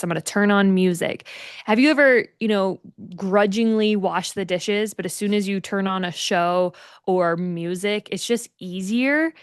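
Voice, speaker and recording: A woman's voice: medium pitch, dry recording, clean studio sound. A young adult woman, a mother, co-hosting a casual podcast and sharing personal stories earnestly. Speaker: podcast co-host.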